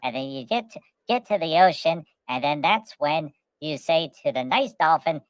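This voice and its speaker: A woman with a lowish voice spins a rambling comic travel tale, looping on repeated words and calling herself by name. Her voice sounds dry and close. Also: expressive, normal speed, no room sound. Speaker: podcast host.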